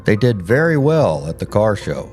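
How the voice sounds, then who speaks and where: A man hosting a true crime show, giving measured, scripted narration. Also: fairly low pitch, sing-song, a little mellow, faint music behind.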